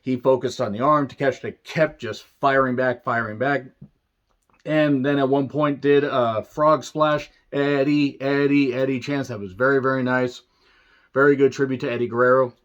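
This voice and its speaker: A tired man talks through a show recap in a loose, rambling way. He fills gaps with "you know" and clears his throat often, and he drops dry, wry asides. His voice sits at a middling pitch, and the audio sounds a little dull and lo-fi. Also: steady tone, moderate pace. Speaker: wrestling show reviewer. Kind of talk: casual solo review recap.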